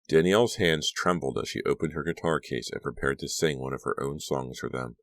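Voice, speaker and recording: A man reading a horror audiobook aloud in a steady storytelling manner, close to the mic. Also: very deep voice, brisk, hardly any pauses, dry recording. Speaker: audiobook narrator. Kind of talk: scripted narration.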